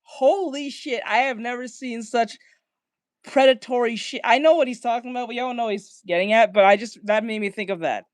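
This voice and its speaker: A man's voice: extremely high pitch, a little fast. A man hosts a casual reaction video, rambling through his point and restarting his sentences with plenty of cursing. The sound is dry and close, with no room echo. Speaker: reaction channel host.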